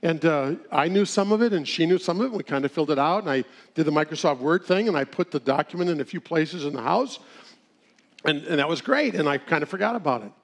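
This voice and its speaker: A middle-aged man with a notably high voice for a man gives a sermon-style talk. He tells homespun stories, often chuckling at his own jokes. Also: lively intonation, quick pace. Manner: folksy storytelling with chuckles. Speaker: speaker at a church seminar.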